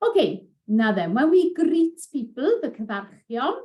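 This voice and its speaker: Higher-pitched woman teaching a language. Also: sing-song, highs cut off. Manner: repeats phrases slowly for learners, apologetic and chatty asides. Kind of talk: live online language lesson.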